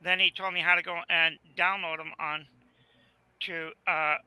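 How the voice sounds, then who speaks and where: A man's voice: on the high side, flat delivery, unhurried, pushed and bright, clean tone, no echo, poor audio. A man from Arizona, telling rambling folksy stories in a casual video chat. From Arizona, USA. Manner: rambling storyteller, folksy, repeats "right there".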